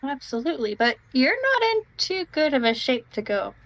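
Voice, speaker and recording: A woman playing a tabletop game, speaking in halting bursts and repeating words. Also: high voice, sing-song, fairly bright tone. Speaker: player. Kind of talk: tabletop role-play.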